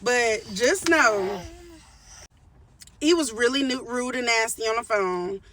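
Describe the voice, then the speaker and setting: High bright-voiced woman ranting emphatically. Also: slow, distant mic. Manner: emphatic, repeats phrases, restarts often. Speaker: vlogger telling a story. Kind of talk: casual storytime rant to camera.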